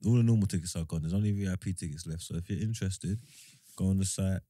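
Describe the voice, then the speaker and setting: A man's voice: low voice, fast, mellow, dry recording, studio quality. A man, a podcast host telling stories in casual, slang-heavy chat with friends. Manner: laid-back slang-heavy banter, laughing.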